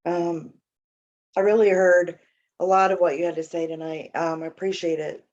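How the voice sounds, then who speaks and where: A woman speaks in a lowish voice, halting and searching, with many fillers and restarts as she shares at a recovery meeting. The audio is dull and lo-fi. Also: little pitch movement, darkish tone. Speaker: meeting member sharing.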